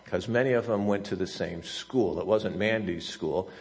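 A man preaching a sermon as a pastor, telling a story in a halting way with many restarts and fillers. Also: fairly low pitch, a little mellow. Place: church sanctuary.

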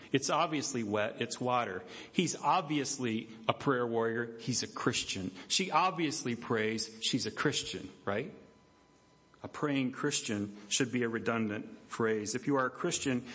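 Man, pastor, lively sermon delivery, mid-pitched voice, sinks low and soft on key lines. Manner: animated preaching, acts out quoted voices with big pitch jumps; drops low and quiet for emphasis. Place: church sanctuary.

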